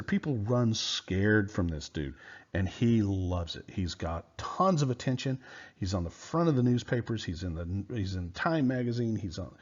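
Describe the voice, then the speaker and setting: A man's voice: lowish voice, a little mellow, breathy edge, highs cut off. A man giving a casual history lecture in a loose, conversational way, with many fillers and restarts. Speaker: history teacher.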